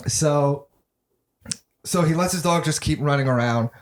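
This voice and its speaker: A man's voice: on the high side, measured pace. A man co-hosting a podcast, telling a rambling story with lots of fillers and laughs. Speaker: podcast co-host. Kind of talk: casual chat.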